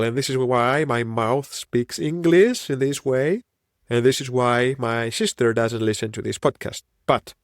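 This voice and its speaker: A Greek man in his thirties, speaking with a Greek accent at medium pitch, hosts a solo podcast. He muses reflectively, following a wandering train of thought. The recording is studio quality with no echo.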